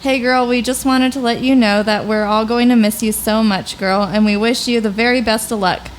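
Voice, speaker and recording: A woman's voice: on the high side, fairly even intonation, moderate pace, a little hiss or hum, low-quality recording. A woman co-host on a casual podcast, reading fan messages steadily, with dry quips.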